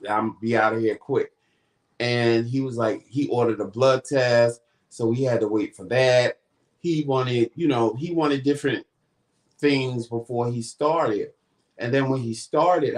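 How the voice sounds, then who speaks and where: A man hosting a vlog, casually retelling a story and acting out the quoted dialogue. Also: medium pitch. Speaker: vlog host.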